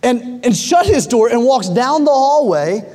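A man in his thirties preaching a sermon, telling stories with lots of animation, getting loud when excited and dropping low for emphasis. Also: measured pace, long reverb tail. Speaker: pastor.

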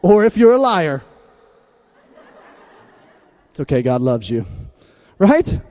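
Pastor, male, high mellow voice, playful and energetic, faint music underneath. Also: slow. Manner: energetic, jokey, swings from loud to hushed. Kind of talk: lively humorous sermon.

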